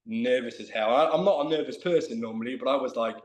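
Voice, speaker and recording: Animated man telling a story in an echoey room. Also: mid-range voice, quick pace. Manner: animated, self-mocking storyteller. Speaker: guest. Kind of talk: casual storytelling chat. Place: remote video call.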